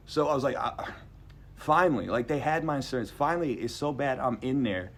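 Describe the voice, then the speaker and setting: A man's voice: mid-range voice, brisk, slight background noise. A man telling a personal story to a live audience, rambling and conversational, emphatic as he acts out what others said. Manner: animated, emphatic, acts out quotes.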